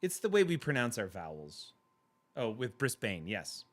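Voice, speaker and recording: A man's voice: medium pitch, sing-song, normal speed. A man hosting a livestream, chatting casually with viewers and laughing often in a playful way. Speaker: livestream host reading chat. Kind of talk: casual chat.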